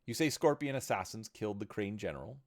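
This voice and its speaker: A man voicing a calm, authoritative middle-aged male warlord. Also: fairly low pitch, fast, pitched above the performer's own voice. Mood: stern.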